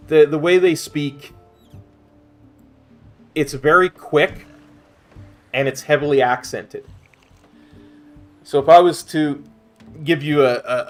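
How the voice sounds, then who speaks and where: A man's voice: mid-range voice, fairly bright tone. A middle-aged Canadian man with a mid-range voice, chatting as he streams a game. He rambles and restarts, doubling up words as he works toward his point. Faint game music plays underneath. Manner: rambling, repeats words while searching for a point. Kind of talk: casual chat while gaming.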